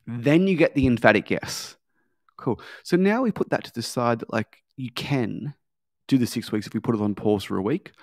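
A man's voice: medium pitch, expressive, normal speed. A male sales trainer talks in a loose, conversational way, dropping in plenty of filler words. His voice sits in an ordinary middle range. The recording is dry, with no echo. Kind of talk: sales training with role-play.

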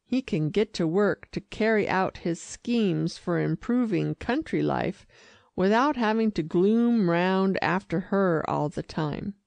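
A folksy, gossipy old male dog, as a woman reads him aloud, low and slow with a gravelly texture. The sound is close and dry. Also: darkish tone, dry recording. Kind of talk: audiobook reading.

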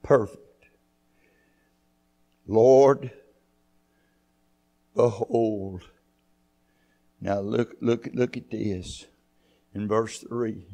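A man preaching a church sermon, fervent, rising to loud high peaks and throwing in hallelujahs. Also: steady tone, slow pace, vocal fry. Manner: punctuates with hallelujahs and amens. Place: church sanctuary.

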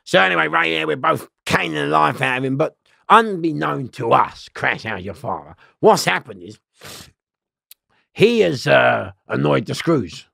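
Gravelly man telling a story. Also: fairly high pitch, animated, normal speed, sharp tone, no room sound, studio quality. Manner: swearing freely, acts out other people's lines. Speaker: interview guest. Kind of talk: animated storytelling.

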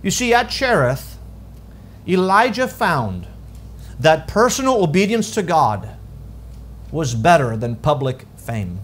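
A man preaching a sermon as pastor, with dramatic swings from loud calls to hushed low lines. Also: very animated, slow pace, pauses often. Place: church sanctuary.

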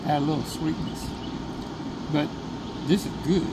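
Gravelly-voiced man vlogging outdoors. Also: on the high side, steady tone, a little slow. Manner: easygoing, talks to viewers as guys. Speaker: camping vlogger. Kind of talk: casual outdoor vlog narration. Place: outdoors at a wooded campsite. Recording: noisy outdoor camcorder audio.

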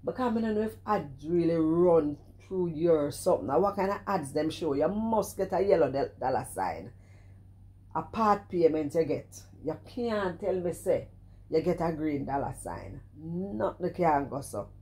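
Scolding Jamaican woman with a deep voice. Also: moderate pace. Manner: animated, scolding, repeats herself, exclaims "cheese and crime". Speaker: vlogger commenting on another streamer. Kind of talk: casual commentary chat.

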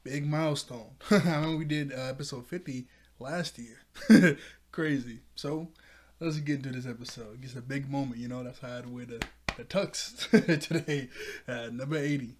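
A man hosting a casual episode recap, excitable and quick to laugh as he retells scenes. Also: mid-range voice. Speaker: show reviewer.

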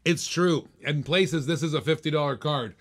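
A man's voice: fairly high pitch, normal speed. A man hosting a live-stream auction, calling bids with playful, teasing, hyped-up patter. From Australia.

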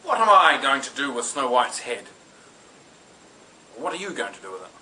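A man's voice: medium pitch, sing-song, normal speed, sharp tone, low-quality recording. A man voicing a hesitant, secretive male woodcutter in a told comic fairy tale. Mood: puzzled. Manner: hesitant, evasive.

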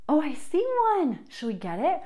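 A young woman with a high voice leads a children's music class, drawing out her words slowly. She talks in a sing-song, animated way, gasping with delight and coaxing the kids along between short songs. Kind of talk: kids' music lesson with songs.

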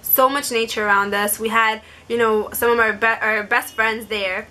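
A young woman vlogger tells a personal story to camera in a high-ish, steady voice that sounds pushed and bright. She's casual and chatty, packing in "like" fillers and quoting others in quick asides.

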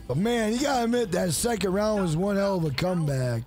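A man's voice: high-pitched, expressive, fairly quick, few pauses, a little mellow, soft background music. A man streaming a fighting game live, talking casually, swearing freely and trash-talking the opponent. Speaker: gaming streamer.

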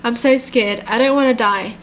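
A frightened, gravely ill young girlfriend from a text-message story, read out by a woman. She sounds soft and fragile, with a high voice. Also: normal speed, a little hiss or hum, lightly acted. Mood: scared.

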